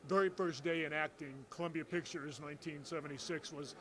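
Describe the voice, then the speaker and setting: A man with a slightly raised pitch reminisces about a colleague. He speaks in an expansive way and acts out the quotes. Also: steady tone, brisk, fairly bright tone. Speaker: soap opera actor. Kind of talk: casual reminiscing.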